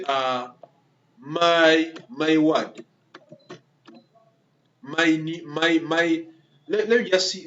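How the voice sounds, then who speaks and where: A man with a voice a little higher than usual walks through code as he types it, repeating himself and tacking "okay?" onto nearly every phrase. The recording is dull and lo-fi, with a faint hiss underneath. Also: fairly bright tone. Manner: repetitive, constantly checks in with "okay?" and "yeah?"; talks through typing step by step, restarts words. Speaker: coding instructor. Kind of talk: screen-recorded coding tutorial.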